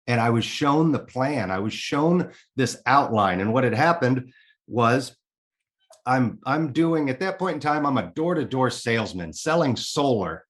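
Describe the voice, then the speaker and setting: A middle-aged man from the Kansas City area, a guest in a casual interview, telling his own story in an animated way, swearing freely and voicing his own thoughts aloud. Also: medium pitch.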